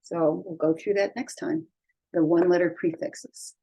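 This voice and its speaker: Slow, patient woman teaching Hebrew. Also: on the low side, mellow. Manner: slow, patient, sounds out syllables for learners to repeat. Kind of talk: online language lesson.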